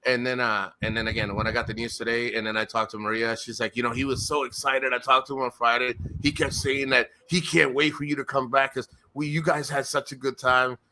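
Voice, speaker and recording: A man with a bright, forceful voice talking on a live stream. He rambles, restarts his sentences and retells conversations in an emotional, casual way. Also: medium pitch, little pitch movement, fairly quick, hardly any pauses, a little hiss or hum.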